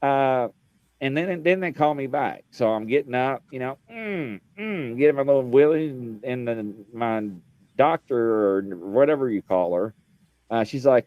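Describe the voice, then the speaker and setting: A man's voice: mid-range voice, animated, moderate pace, no room sound, muffled recording. A man co-hosting a podcast in casual chat, a rambling storyteller who laughs at himself. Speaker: podcast co-host.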